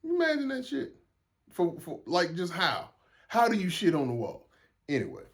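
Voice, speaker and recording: A man's voice: high voice, wildly swooping pitch, moderate pace. A young man from South Carolina with a Southern accent, hosting a solo podcast in a rambling, frank and profane way, often repeating and restarting his words. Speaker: podcast host. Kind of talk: casual solo podcast monologue.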